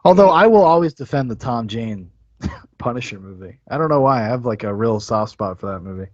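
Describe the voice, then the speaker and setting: A man's voice: medium pitch, animated, a little fast, darkish tone, no room sound, lo-fi sound. A male podcast co-host chatting about films in an enthusiastic, rambling, profane way. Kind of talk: casual film review chat.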